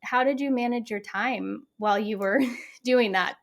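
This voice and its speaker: A woman's voice: a little high, measured pace. A woman hosting a podcast interview, curious and encouraging as she asks her questions. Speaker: podcast host.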